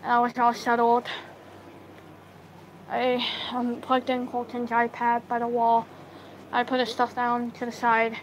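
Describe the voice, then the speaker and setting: A woman's voice: on the high side, completely flat delivery, a little slow, long pauses, slight background noise, low-quality recording. A woman telling a personal story in a casual storytime, rambling and acting out what everyone said. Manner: rambling, acts out quoted dialogue; filler-heavy retelling, lots of "I'm like".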